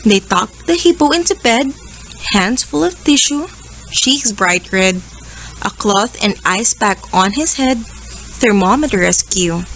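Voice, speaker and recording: A woman with a Filipino accent, a teacher reading a children's story aloud with expressive animal voices. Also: medium pitch, unhurried, a little hiss or hum, low-quality recording. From Philippines.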